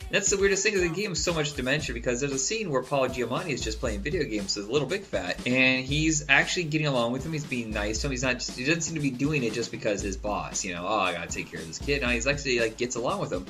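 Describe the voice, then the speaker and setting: A man co-hosting a casual movie podcast, animated and quick to laugh. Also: medium pitch, faint music behind. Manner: animated, laughs often, does impressions. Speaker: podcast co-host.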